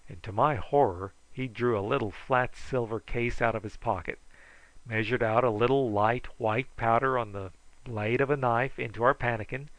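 A man narrating an adventure novel aloud in a steady, measured storytelling manner. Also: medium pitch, dry recording, poor audio. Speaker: audiobook narrator.

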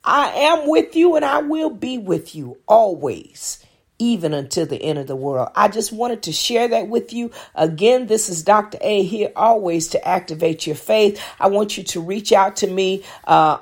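A middle-aged woman pastor giving an emphatic devotional message and church announcements, with fillers and repeated phrases. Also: fairly low pitch.

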